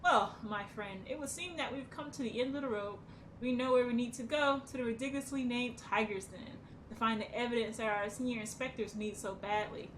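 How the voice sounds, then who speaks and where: A woman's voice: a little high, a little fast, a bit bright, slight background noise, close to an everyday voice, low-quality recording. A woman voicing a solemn weary mentor. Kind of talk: reading game dialogue aloud.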